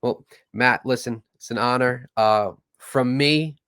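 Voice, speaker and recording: A man hosting a podcast, talking casually and getting animated. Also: medium pitch, slow, clear, resonant tone, no echo, studio quality. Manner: animated, ranting. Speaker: podcast host.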